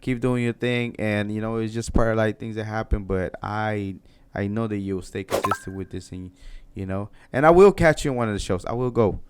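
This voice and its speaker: A man's voice: lowish voice, a little fast, slight background noise. A man hosting a podcast interview, chatting casually and encouragingly, rambling with frequent restarts. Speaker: podcast host.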